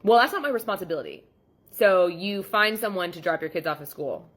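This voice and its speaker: A woman's voice: lowish voice, animated, brisk. A woman photographer telling a story about a client in a casual vlog, chatty and exasperated, with lots of "like" and "um". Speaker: boudoir photographer.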